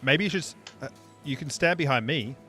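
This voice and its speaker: A man's voice: on the high side, fairly quick, over music. An Australian man joking and rambling as a player in a tabletop game, with many fillers and restarts. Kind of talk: casual tabletop game play.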